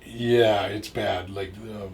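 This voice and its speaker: Middle-aged man, low voice, rambling storyteller, loose and profane, recorded at a distance. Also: steady tone, slow pace, darkish tone. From Minnesota. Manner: rambling, many restarts and fillers, swears freely. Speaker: storyteller guest. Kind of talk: casual anecdote. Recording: distant mic with faint noise.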